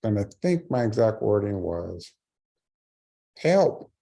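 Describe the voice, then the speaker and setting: A man's voice: on the low side, measured pace, vocal fry, mellow. A man in his forties giving a speech, telling a personal story with earnest humor. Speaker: keynote speaker.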